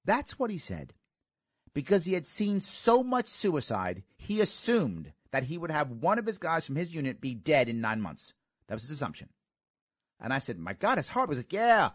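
A man talks casually to his audience, his voice swooping up and down as he gets animated. He speaks a little higher than most men. The sound is dry and close, with no room echo. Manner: animated, giggles, quick asides and restarts. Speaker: podcast host. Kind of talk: casual solo talk answering listener questions.

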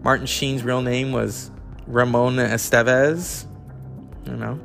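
Gravelly man chatting about old movies. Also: medium pitch, fairly even intonation, takes it slowly, a bit bright, soft background music. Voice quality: rambling, enthusiastic. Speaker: host. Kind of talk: casual chat about old films.

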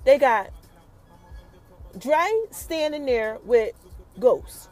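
A woman hosting a casual TV episode recap, telling the story with lively energy and talking straight to her listeners. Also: on the high side, very slow, soft background music. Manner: animated storytelling, acts out characters' quotes, addresses listeners as y'all. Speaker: TV recap host.

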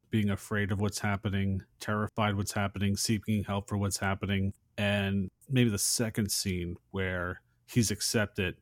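A man's voice: on the low side, dry recording, clean studio sound. A man co-hosting a podcast, recapping a film scene in a casual chat with long chains of "and". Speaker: podcast co-host.

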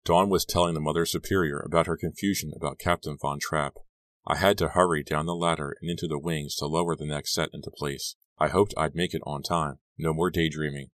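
A man reading a first-person story as an audiobook narrator, steady and measured. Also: extremely low pitch, dry recording.

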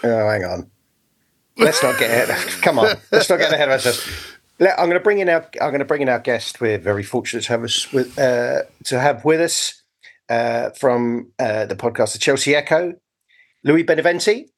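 A man's voice: medium pitch, lively intonation, normal speed. A man hosting a football podcast, chatting casually with lots of fillers and restarts. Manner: hesitant, full of fillers and restarts. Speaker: podcast host. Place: on holiday, speaking remotely.

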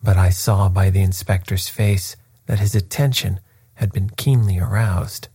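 A man reading a classic detective story aloud as narrator, in a steady, unhurried way. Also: low voice, breathy edge, no room sound. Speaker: audiobook reader. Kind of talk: scripted narration.

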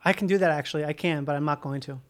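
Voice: mid-range voice, rapid-fire. Playful speaker riffing in casual chat.

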